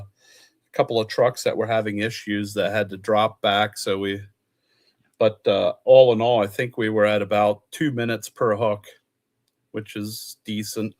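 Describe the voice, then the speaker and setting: A man in casual chat, rambling through results and stories from an event he worked as an official. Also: fairly low pitch. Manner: rambling, chatty, reads out results. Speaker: truck pull official.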